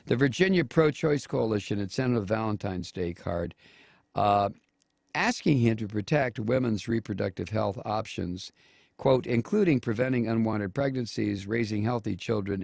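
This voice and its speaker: A man's voice: lowish voice, vocal fry, darkish tone, dry recording, clean studio sound. A male radio talk show host giving angry political commentary, scornful and name-calling, mocking quotes in a raised voice.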